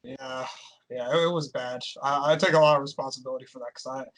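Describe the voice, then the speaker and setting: A man's voice: mid-range voice, steady tone, fast, a bit bright. A young man chatting as a guest, talking eagerly, agreeing often and trailing off mid-thought. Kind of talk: casual reminiscing chat.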